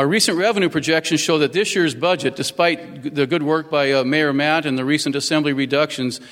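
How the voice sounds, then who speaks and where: A man's voice: on the high side, a bit bright, big-room sound. A man in his fifties giving a folksy, earnest public speech as a newly sworn-in mayor, thanking people at a ceremony. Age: 50s. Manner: folksy and earnest, with many fillers.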